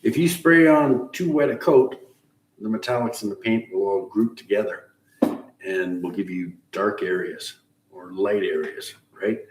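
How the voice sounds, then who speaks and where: Speaking a little slowly in a lowish voice, this middle-aged host of a live car-building stream rambles casually through shop talk with viewers, chuckling now and then. The mic is distant and roomy, with a faint hiss.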